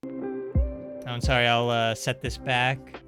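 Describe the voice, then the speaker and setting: A man's voice: medium pitch, wildly swooping pitch, takes it slowly, gravelly, over music. A young man streaming indie games, chatting casually and sarcastically while reading the game's text aloud. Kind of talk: casual live-stream commentary.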